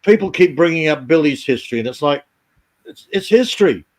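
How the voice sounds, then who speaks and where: A man in casual chat telling army stories in a halting way, with many restarts. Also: a little high, expressive. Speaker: chat participant.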